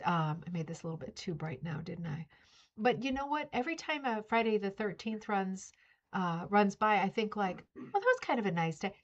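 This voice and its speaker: A middle-aged woman hosting a casual craft club livestream, greeting viewers by name and chatting in a friendly, rambling way. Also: mid-range voice. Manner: chatty, greets viewers by name, coos baby talk to her dog. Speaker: livestream host of a rug hooking club. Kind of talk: casual chat. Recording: slightly dull lo-fi livestream audio.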